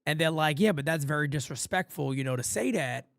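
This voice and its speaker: A man from New York calls a ballgame live for fans, his pitch leaping and dropping with every play. He talks blunt and salty, then slides into low asides between pitches. The sound is dry and close. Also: a little fast, creaky, no room sound. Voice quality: profane, blunt street talk. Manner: animated, swings from loud calls to low asides. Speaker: fan stream play-by-play host. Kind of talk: live fan play-by-play with casual chat.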